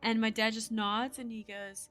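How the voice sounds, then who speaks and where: A woman's voice: a little high, flat delivery, normal speed, a bit bright. A woman chatting casually while playing a game, telling stories in a rambling way and laughing often. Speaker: gamer. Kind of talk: casual gameplay commentary.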